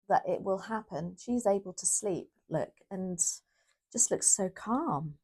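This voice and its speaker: A woman's voice: mid-range voice, unhurried, mellow. A woman giving a casual, chatty tarot reading to her viewers, often correcting herself as she thinks aloud. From United Kingdom. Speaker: tarot reader.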